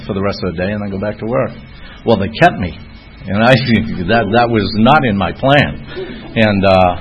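A middle-aged man sharing his drinking story at a recovery meeting, rambling and self-deprecating, with chuckles and fillers. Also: fairly low pitch. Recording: dull lo-fi recording with faint noise.

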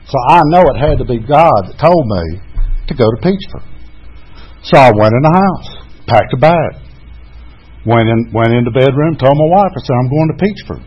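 A man's voice: medium pitch, animated, normal speed, long pauses, slightly rough. A man in his sixties frankly telling his own recovery story, mocking himself at times. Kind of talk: candid personal testimony. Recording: dull, muffled recording.

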